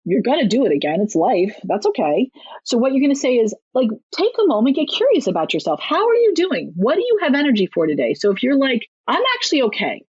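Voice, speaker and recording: Woman, guest author, husky, emphatic chatter, dry dull lo-fi podcast sound. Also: big pitch swings, quick pace, darkish tone, no echo. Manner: chatty, emphatic, acts out quotes in a higher voice. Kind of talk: podcast interview.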